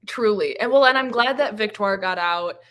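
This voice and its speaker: A woman's voice: medium pitch, normal speed, fairly bright tone. A woman guest in a casual book discussion, emotional and rambling with many restarts and fillers.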